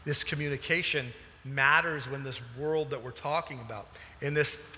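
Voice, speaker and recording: A man preaching a sermon as a pastor, animated and emphatic, with sudden loud bursts. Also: on the high side, moderate pace, slight background noise. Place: church hall. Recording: large hall reverb.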